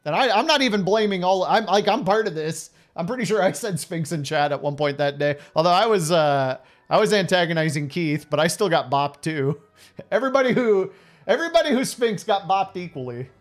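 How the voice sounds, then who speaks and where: A man's voice: sits high, lively intonation, a little fast. A man in his late thirties streaming a game, chatting and teasing his viewers with frequent laughs. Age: late 30s. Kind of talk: casual game commentary talking to chat.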